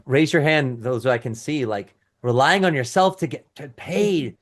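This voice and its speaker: A middle-aged man coaching a live webinar over a video call, his voice sitting at an ordinary middle pitch. He talks in a loose, conversational way, restarting sentences and reading chat comments aloud to his audience. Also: unhurried, few pauses. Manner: casual and conversational, with restarts and asides. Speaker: business coach.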